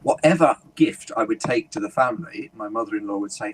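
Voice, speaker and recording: Dry, teasing man with a husky voice. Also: fairly low pitch, a little fast, low-quality recording. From London. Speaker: guest humorist and speaker. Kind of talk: conversational interview storytelling.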